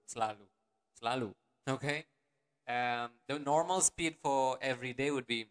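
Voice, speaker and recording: A man teaching an online language lesson, patiently repeating words slowly and syllable by syllable. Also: medium pitch, a bit bright.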